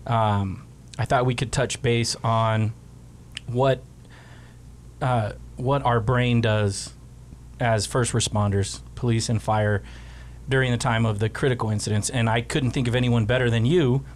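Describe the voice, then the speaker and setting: A man's voice: mid-range voice, slight background noise. Laid-back man hosting a podcast. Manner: relaxed, joking, many filler pauses. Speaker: podcast host. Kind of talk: casual podcast chat.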